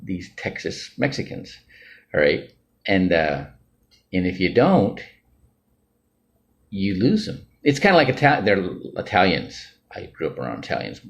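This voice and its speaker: A man's voice: sits low, wildly swooping pitch, measured pace, creaky, pauses often. A man talking off the cuff in a rambling monologue, often ending sentences with "right?" or "all right?". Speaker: financial group member sharing views. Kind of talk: casual unscripted monologue.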